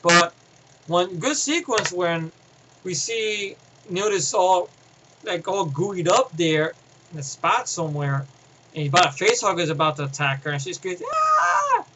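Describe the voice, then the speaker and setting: A man with a high, bright, forceful voice gives an excitable, rambling film review. He swears freely and keeps restarting his sentences. A faint noise sits behind him. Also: normal speed, rough recording. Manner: excitable, profane, restarts often, filler "and everything like that".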